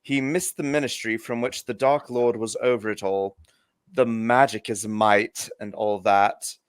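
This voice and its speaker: A man voicing a stern, proud older wizard father, in a measured, formal way, in an amateur read-through of a fan script. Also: fairly low pitch, steady tone, clean tone, dry recording, lightly acted. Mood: grave.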